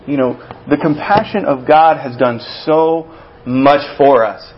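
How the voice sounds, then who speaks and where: A man's voice: medium pitch, slow pace, slight background noise. Conversational male preacher, lo-fi sound. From Texas. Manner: conversational and storytelling, with many restarts and acted-out quotes. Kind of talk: sermon.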